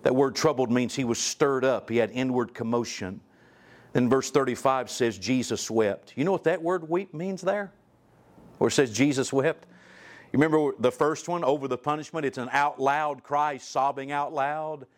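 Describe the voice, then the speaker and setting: A male guest preacher delivering a sermon, reading scripture aloud and asking the congregation direct questions, his pitch and loudness swinging widely. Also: normal speed. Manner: reads scripture aloud in old-style wording; asks the listeners direct questions.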